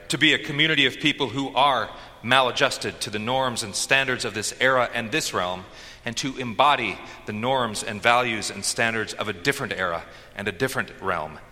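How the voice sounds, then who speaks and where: A man preaching a sermon from a church pulpit, his voice strikingly bright and forceful. He builds with dramatic pauses and bursts of rising energy. Long reverb from the sanctuary trails behind every phrase. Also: mid-range voice. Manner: dynamic preaching with dramatic pauses and shouted call-and-response lines. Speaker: pastor.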